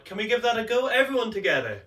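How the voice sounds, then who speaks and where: Singing teacher, male, high voice, unhurried and playful, mic at a distance in a roomy space. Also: big pitch swings, sharp tone. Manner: playful, coaxing, demonstrates by singing. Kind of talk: vocal warm-up lesson.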